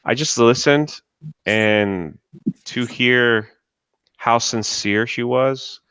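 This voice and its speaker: A man's voice: mid-range voice, extremely slow, fairly bright tone, slight background noise. A man speaking as a guest on a livestream, talking earnestly and casually with many fillers. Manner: earnest, filler-heavy, uses "like" often.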